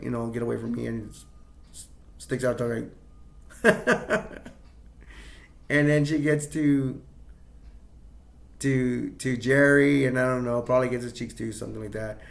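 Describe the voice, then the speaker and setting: Male film reviewer, gravelly, unscripted rambling recap. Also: mid-range voice. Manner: rambling, with many restarts and quoted imitations. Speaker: movie reviewer.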